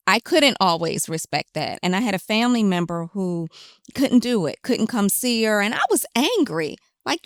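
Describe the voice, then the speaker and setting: A woman guest telling her story candidly in an interview, emphatic and animated when she quotes herself. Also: mid-range voice, clear, resonant tone, dry recording, studio quality.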